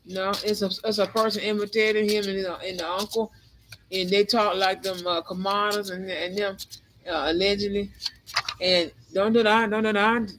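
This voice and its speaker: High-voiced man giving a rambling tarot reading. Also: little pitch movement, moderate pace, noisy background. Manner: rambling, repeats phrases, emphatic. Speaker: tarot reader. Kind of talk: spiritual tarot reading monologue.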